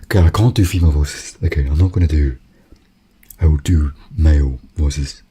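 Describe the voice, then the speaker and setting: Man streaming a game, casual jokes, very deep voice, game music behind. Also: normal speed. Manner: casual, joking. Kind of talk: live game playthrough commentary.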